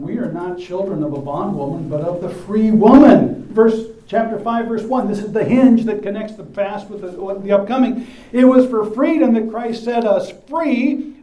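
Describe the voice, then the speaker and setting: A man's voice: high voice, mellow. A man preaching a sermon in a church, emphatic and full of rhetorical questions. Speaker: pastor. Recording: echoey room, mic at a distance.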